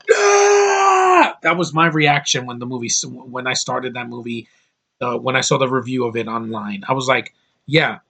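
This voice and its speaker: A man's voice: mid-range voice, fairly bright tone. Rambling, opinionated male movie reviewer. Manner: rambling, opinionated, emphatic bursts. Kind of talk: casual vlog review.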